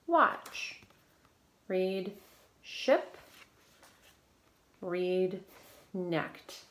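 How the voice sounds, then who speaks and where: A woman teacher with a lowish voice leads a phonics lesson, moving slowly and patiently through each prompt. Her words carry an encouraging, step-by-step rhythm. The room around her is echoey.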